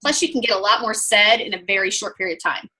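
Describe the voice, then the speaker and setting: A woman's voice: medium pitch, fast talker, bright, forceful tone, rough recording. A woman with an Oklahoma accent coaching a group on follow-up conversations, upbeat and emphatic. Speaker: sales trainer.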